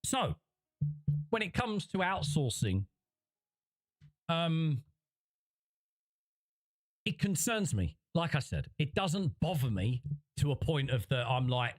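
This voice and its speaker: A man's voice: a little high, big pitch swings, slow pace, pauses often. A man rambling through livestream commentary, reading chat and restarting his sentences often. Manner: rambling, conversational, frequent restarts.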